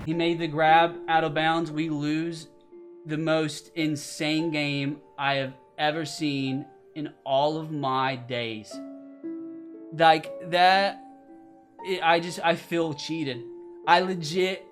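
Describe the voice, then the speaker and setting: A young man hosting a gaming channel, giving excited gameplay commentary to his viewers, swinging between loud outbursts and frustrated muttering. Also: on the high side, takes it slowly, faint music behind. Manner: talks to viewers as "fellas".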